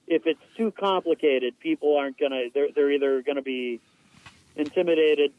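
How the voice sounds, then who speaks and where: A male co-host with a voice a little higher than most men's. He talks in a halting way, often restarting and trailing off mid-thought. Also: phone-quality sound. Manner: hesitant, many restarts. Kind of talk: casual chat.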